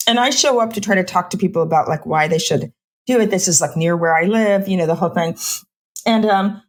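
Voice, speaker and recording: A middle-aged woman with a somewhat low voice speaks as a guest in a podcast interview. She is a physician, and she talks in impassioned run-on bursts peppered with "like" and "you know". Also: brisk. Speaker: physician and homelessness researcher.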